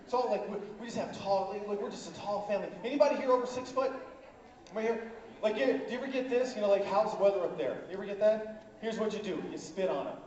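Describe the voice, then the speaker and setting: A man's voice: high-pitched, quick pace, darkish tone. A man doing live stand-up comedy on a conference stage. He rambles with many fillers and works the crowd. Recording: echoey hall, distant, dull lo-fi.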